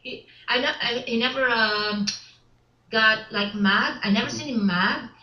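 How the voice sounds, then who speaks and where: A woman being interviewed about her film work, speaking haltingly with many restarts and broken grammar. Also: on the high side, pushed and bright. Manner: halting, repeats words, non-native English grammar. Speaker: interview guest, filmmaker. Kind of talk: casual interview. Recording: roomy, dull lo-fi sound.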